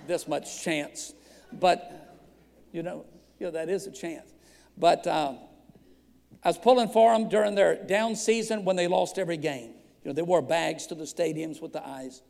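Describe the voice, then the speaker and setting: A man's voice: fairly high pitch, a little slow, gravelly, pauses often, a little mellow. A man in his fifties, a pastor preaching a sermon with humorous stories that rise to fervent preaching. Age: 50s. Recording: long reverb of a church hall.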